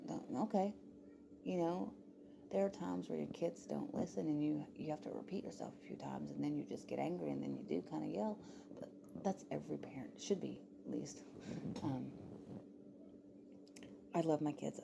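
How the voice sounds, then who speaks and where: Gravelly low-voiced woman ranting. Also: noisy background. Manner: rambling, heated, frequent fillers and swearing. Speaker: vlogger. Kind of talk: casual commentary monologue.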